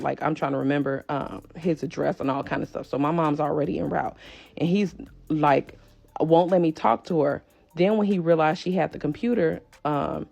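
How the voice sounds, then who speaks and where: A woman recounts a tense family story straight to her viewers. Her low, gravelly voice is full of vocal fry, and faint music plays underneath. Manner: animated, addresses viewers as y'all. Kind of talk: casual storytime.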